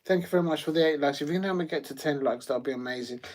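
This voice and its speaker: A man hosting a live football watch-along, chatty and rambling with many fillers and sudden bursts of excitement. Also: fairly high pitch, racing.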